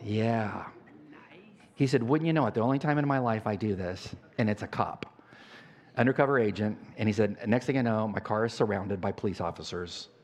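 A man's voice: fairly low pitch, normal speed, a little mellow. Older male pastor in a reverberant hall. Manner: storytelling, conversational with frequent fillers and restarts. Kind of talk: sermon.

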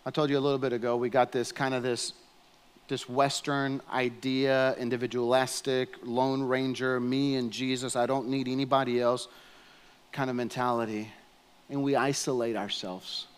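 A man's voice: medium pitch, level tone, moderate pace, clean tone. A man, a pastor preaching a sermon, telling stories earnestly and pressing his appeals with fervour. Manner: earnest storytelling, rising to fervent appeals. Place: church sanctuary. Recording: long hall reverb in a church.

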